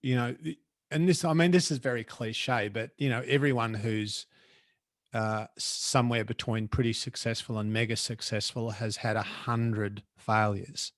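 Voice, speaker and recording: A man's voice: medium pitch, moderate pace, no room sound, studio quality. Blunt Australian man telling stories. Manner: blunt, colloquial, animated storyteller. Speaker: guest, professional speaker. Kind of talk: casual storytelling.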